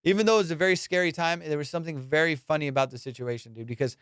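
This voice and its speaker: A man, a comedian and podcast host, telling a story in casual chat, animated and swearing as he acts out what people said. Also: a little high, rapid-fire, clean tone, dry recording, studio quality.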